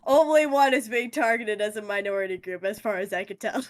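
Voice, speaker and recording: A woman co-hosting a live stream, talking casually with loud jokes and swearing. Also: medium pitch, steady tone. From United States. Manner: loud, swearing, laughing, quick to joke.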